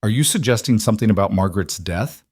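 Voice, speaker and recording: A man's voice: lowish voice, fast, husky, dry recording, studio quality. A man voicing a determined young frontier woman who speaks steadily and defiantly. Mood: firm. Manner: steady, firm, quietly defiant.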